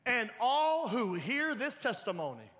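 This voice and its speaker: A man preaching a sermon as pastor, animated and laughing often, in a church sanctuary with a reverberant hall sound. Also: very high-pitched, a little slow.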